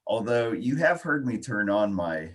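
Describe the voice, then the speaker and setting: A man's voice: lowish voice, very animated, a little slow. A man hosting a casual podcast chat, teasing his co-hosts with dry humor. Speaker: podcast host.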